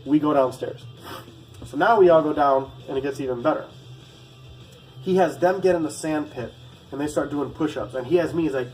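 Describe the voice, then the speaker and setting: A former Marine recruit telling a story to camera in a casual, rambling, profane way, full of asides. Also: male voice, a little high, normal speed, long pauses, a little mellow, faint music behind, low-quality recording.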